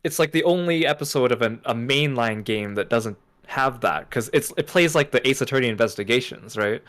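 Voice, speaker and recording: A man speaking as a guest on a stream, chatting in a relaxed, steady, casual way. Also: mid-range voice, fairly quick. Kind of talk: casual chat.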